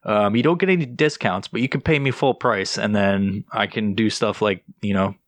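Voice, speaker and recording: A man's voice: on the low side, moderate pace, dry recording. A young man hosting a podcast in casual chat, rambling and swearing often, with lots of fillers. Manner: profane, rambling, filler-heavy. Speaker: podcast host.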